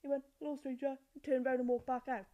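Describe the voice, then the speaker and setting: A woman's voice: high-pitched, quick pace, narrow, tinny audio. A woman on a podcast, telling a story in casual chat and acting out the quotes. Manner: lively storytelling, acts out quotes.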